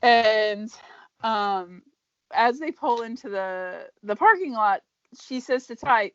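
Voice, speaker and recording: A woman co-hosting a podcast, casually retelling a show's episode with animated energy and frequent laughs. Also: fairly high pitch, unhurried, dry recording. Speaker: podcast co-host. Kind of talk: casual chat recapping a show. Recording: dry, dull lo-fi podcast audio.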